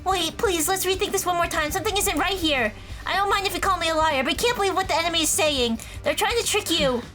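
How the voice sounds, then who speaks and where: A woman's voice: high-pitched, fast, fairly bright tone, faint music behind. A woman voicing a young female student soldier who pleads earnestly with her friends in a video game. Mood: pleading. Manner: earnest, insistent.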